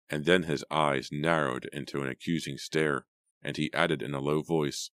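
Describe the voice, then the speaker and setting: A man narrating an audiobook in a measured, even storytelling manner. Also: very deep voice, no echo, clean studio sound. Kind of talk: scripted narration.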